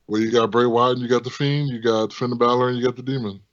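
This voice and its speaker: A man's voice: mid-range voice, fairly even intonation, fast, dry recording, muffled recording. A man co-hosting a casual wrestling podcast, blunt and opinionated, swearing casually. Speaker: podcast co-host.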